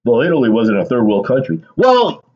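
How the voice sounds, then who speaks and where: A man's voice: medium pitch, lively intonation, unhurried, breathy edge, highs cut off. A man doing casual political commentary on his vlog, reading aloud and then ranting emphatically with bursts of laughter.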